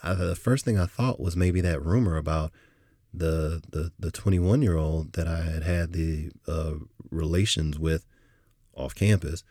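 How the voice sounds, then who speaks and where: A middle-aged podcast host with an extremely low, mellow voice tells a personal story unhurriedly, reflective and candid, restarting often. The recording is clean studio sound with no room sound and a music bed playing underneath.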